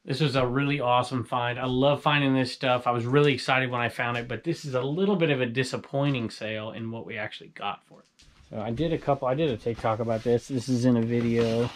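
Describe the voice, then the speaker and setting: A man's voice: mid-range voice, fairly even intonation, quick pace. Chatty man from Southern California. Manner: rambling, chatty, talks to viewers. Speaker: reseller vlogger. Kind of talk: casual chat.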